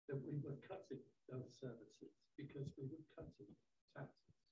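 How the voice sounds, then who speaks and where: A man's voice: mid-range voice, normal speed, dark tone. Man speaking from far off in a roomy hall. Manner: opinionated, argumentative. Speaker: audience member. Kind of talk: comment from the floor. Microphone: far from the mic. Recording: distant, roomy, dull with faint hiss.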